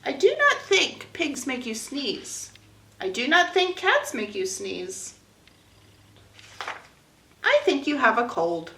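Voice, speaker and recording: A calm cat doctor who states the facts plainly, as a woman reading aloud puts him on, speaking slowly and evenly. His voice still carries a bright edge. The room around him echoes. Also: high voice, distant mic, full character voice. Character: calm, matter-of-fact male cat doctor. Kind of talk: picture-book read-aloud.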